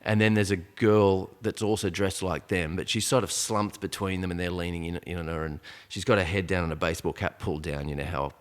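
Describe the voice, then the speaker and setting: A man telling a tense story in casual podcast chat, animated and full of asides. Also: sits low, brisk, few pauses. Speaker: podcast guest. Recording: long reverb, echoey room.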